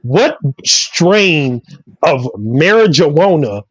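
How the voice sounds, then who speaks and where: A man with a Southern US accent co-hosting a sports show, delivering loud, repetitive, profane trash talk as a comedic rant. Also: a little high, sing-song, drawn-out words, slightly rough, dry recording. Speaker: sports podcast co-host. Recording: dry, dull lo-fi mic.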